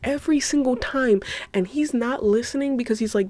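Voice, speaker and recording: Excitable, giggly woman gushing on a podcast. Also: fairly high pitch, normal speed, few pauses. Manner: excitable, gushing, swears a lot, slangy; giggly, breaks into laughter. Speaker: podcast host. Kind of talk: casual solo podcast rant.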